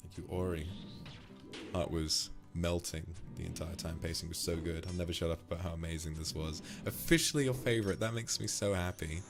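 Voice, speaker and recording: A man's voice: deep voice, fairly even intonation, fairly quick, vocal fry, music in the background. A man streaming, casually chatting and reading out viewer donations in a teasing, affectionate way.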